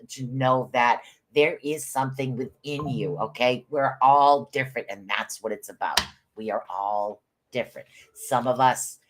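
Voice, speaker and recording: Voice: mid-range voice, noisy background. A host doing rune readings on a live stream, chatting loosely, rambling, and calling out viewers by name.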